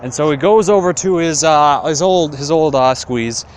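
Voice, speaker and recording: A man's voice: a little high, normal speed, a little hiss or hum. A young man retelling a classic tale in casual, profane slang, rambling with lots of fillers.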